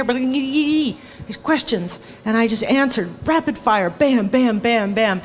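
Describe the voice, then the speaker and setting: Woman, guest speaker, animated storyteller, somewhat high voice, long hall reverb. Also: unhurried. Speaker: guest, former sound engineer. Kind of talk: storytelling on stage.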